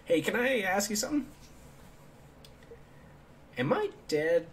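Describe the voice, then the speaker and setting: A man's voice: high-pitched, sing-song, slow, a little hiss or hum, pitched above the performer's own voice, full character voice. A man reading along as a wry, teasing adult man in a put-on British accent.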